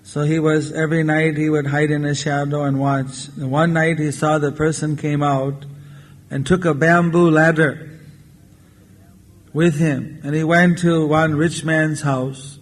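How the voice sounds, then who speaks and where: A man tells a moral tale in a deliberate, very slow sermon, with a voice pitched a bit high for a man. He acts out the characters as he goes. The sound is an old 1994 lecture tape with a long, ringing hall echo. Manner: unhurried storyteller who acts out the characters. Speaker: spiritual lecturer. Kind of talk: storytelling sermon.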